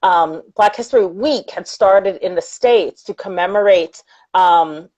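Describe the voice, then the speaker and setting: A woman's voice: mid-range voice, a little slow, a little mellow, low-quality recording. Effusive woman hosting a live interview. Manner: effusive, reads viewer comments aloud. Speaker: interview host.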